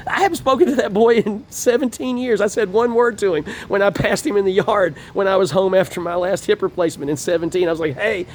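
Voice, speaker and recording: A man's voice: sits high, quick pace, few pauses, slight background noise. A middle-aged man in a homeless shelter, ranting bitterly and profanely, laughing through his grievances. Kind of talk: profane personal rant to camera.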